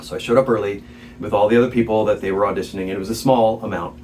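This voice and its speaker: A man, a stage actor, telling a story as an interview guest in a candid, animated way, laughing between remarks. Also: lowish voice, very fast. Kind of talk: casual storytelling. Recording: distant mic, faint background noise.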